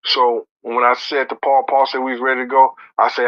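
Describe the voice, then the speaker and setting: A man recounting a story in profane street slang, acting out others' lines and rising to near shouts. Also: medium pitch, level tone, a little fast, no room sound, dull audio. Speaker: storyteller in an interview clip.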